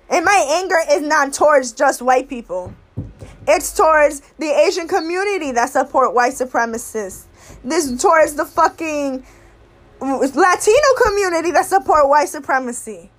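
High-voiced young woman, heated and blunt. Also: expressive, normal speed. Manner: blunt, heated and profane, swinging between anger and weary sorrow. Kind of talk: impassioned monologue to camera.

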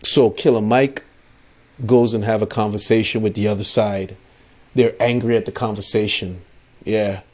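A man's voice: lowish voice, steady tone, moderate pace. A man hosting a podcast, ranting casually with lots of swearing and repeated "you know what I'm saying.". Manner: mocking voices he quotes, laughing at his own points. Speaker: podcast host. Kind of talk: casual political rant.

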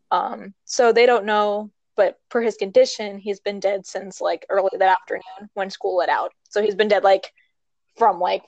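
A young woman talks through a movie plot in a loose, rambling way, full of fillers and asides. Her voice sits at a middle pitch. The sound is dry and a little dull, as if recorded close in a small space. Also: dry recording. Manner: rambling, expressive retelling with many fillers. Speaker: movie recap talker. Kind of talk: casual chat.

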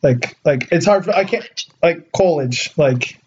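A man's voice: on the high side, expressive, a little slow, a little mellow, a little hiss or hum. A man co-hosting a podcast in casual chat, rambling with lots of filler words. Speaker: podcast co-host. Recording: muffled lo-fi recording.

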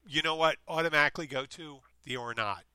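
Bright-voiced rambling male storyteller. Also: a little high, quick pace, clean tone, no echo. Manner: meandering, self-interrupting, animated retelling. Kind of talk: casual chat, rambling storytelling.

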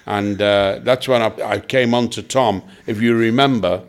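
An older man, a veteran comedian, recalling past colleagues in a relaxed chat and dropping into quick impressions. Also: fairly low pitch, clean tone. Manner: anecdotal, slips into quick comic impressions. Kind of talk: reminiscing casual chat.

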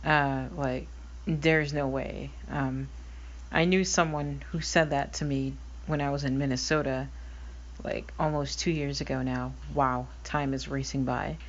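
In an extremely low, steady, unhurried voice, a blind podcast host muses thoughtfully and hesitantly through a casual monologue, using fillers. Faint noise sits under a slightly dull recording.

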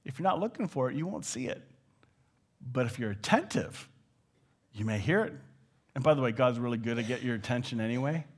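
A man delivering a sermon from the pulpit, speaking at a middle pitch in a loose, conversational manner. He drops into little quoted phrases of everyday talk as he preaches. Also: fairly quick, pauses often, slightly rough. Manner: conversational, with animated quoted asides. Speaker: pastor.

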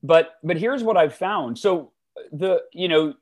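Enthusiastic man telling stories, slightly high voice. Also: measured pace. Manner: enthusiastic, animated, repeats words when starting phrases. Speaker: guest. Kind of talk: conversational storytelling.

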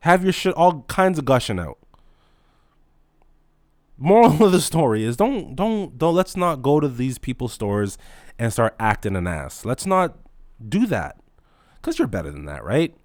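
A man's voice: medium pitch, sing-song, a little slow, pauses often, no echo, clean studio sound. A young man who manages a store, telling a story in an exasperated, mock-incredulous rant full of swearing.

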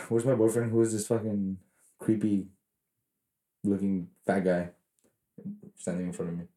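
Podcast co-host, male, low mellow voice, rambling profane storyteller, echoey room. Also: little pitch movement, unhurried. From Mexican heritage. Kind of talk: casual chat.

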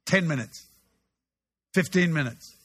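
A male preacher tells a story from the pulpit in a high, bright voice that swings widely in pitch. He is animated and humorous, stumbling and restarting his phrases as he goes. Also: unhurried, breathy edge. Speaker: pastor. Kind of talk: sermon storytelling.

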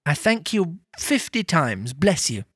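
A man's voice: a little high, sing-song, slow pace, breathy edge, no echo, studio quality, exaggerated voice. A man voicing an old miser turned cheerful, speaking eagerly and courteously.

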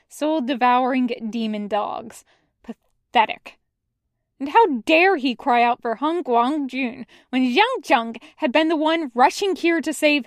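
A woman reading a fan fiction story aloud as a podfic, in a measured storytelling way. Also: a little high, no room sound, clean studio sound. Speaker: podfic reader. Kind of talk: audiobook narration of fan fiction.

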